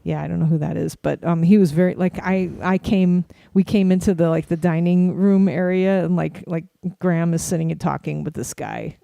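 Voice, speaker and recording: A middle-aged woman co-hosting a casual chat, telling animated anecdotes and acting out the voices of people she quotes. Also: lowish voice, moderate pace, creaky, few pauses, no echo. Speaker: co-host.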